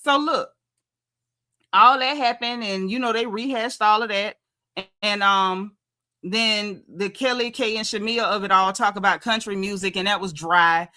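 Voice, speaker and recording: Sassy, bright-voiced woman recapping reality TV. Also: medium pitch. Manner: sassy, animated, acts out quotes. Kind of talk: casual recap commentary.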